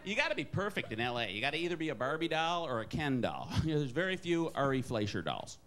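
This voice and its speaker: A man from Wisconsin doing a wry, self-deprecating stand-up comedy set, jumping into high put-on voices for characters. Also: sing-song, quick pace, background noise.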